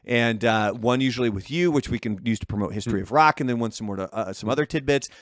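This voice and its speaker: A man's voice: medium pitch, quick pace, no room sound. Laid-back man in a dry room. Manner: laid-back, profane, self-questioning. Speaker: podcast co-host. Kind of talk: casual chat.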